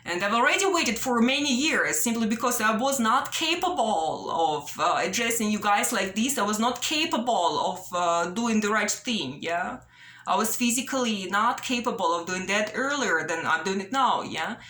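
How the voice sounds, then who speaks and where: A woman making an earnest, pleading appeal straight to the viewer, talking slowly and repeating herself, often tagging her sentences with "yeah?". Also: mid-range voice, animated, bright, forceful tone. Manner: slow, repetitive, pleading, ends phrases with "yeah?". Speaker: vlogger. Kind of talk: earnest direct-to-camera appeal. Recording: roomy echo.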